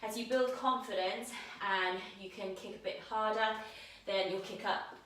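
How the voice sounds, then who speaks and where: A woman teaching a yoga handstand class, giving calm step-by-step cues while she demonstrates, somewhat out of breath. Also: mid-range voice, a little slow, a little hiss or hum. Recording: very echoey room, mic at a distance.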